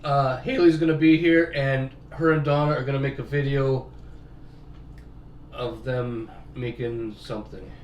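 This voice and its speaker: A man's voice: medium pitch, fairly even intonation, unhurried, far from the mic. Older man, wry sidekick asides, faint hiss behind. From Canada. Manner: wry, chiming in with short remarks. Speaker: host. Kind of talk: casual chat. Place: home kitchen. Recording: roomy echo, off-mic.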